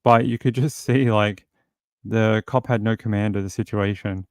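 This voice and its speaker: A man's voice: lowish voice, steady tone, normal speed, a little mellow, no echo, clean studio sound. A man hosting a true crime show, commenting casually and wryly on news clips and mimicking the people in them. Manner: rambling, wry, mimics people in silly voices.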